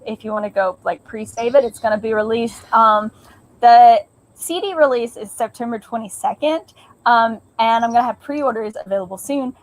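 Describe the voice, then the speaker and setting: A woman's voice: fairly high pitch, normal speed, rough recording. A young woman, a fiddler chatting upbeat as a guest on a video call. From United States. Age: young adult. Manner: upbeat, chatty, filler-heavy. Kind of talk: casual interview chat.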